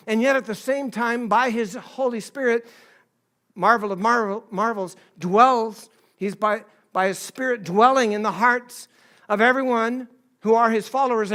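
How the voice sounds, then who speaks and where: Middle-aged male pastor, higher voice, conversational sermon, acts out quotes. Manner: conversational, acts out quoted voices, swings between soft and emphatic.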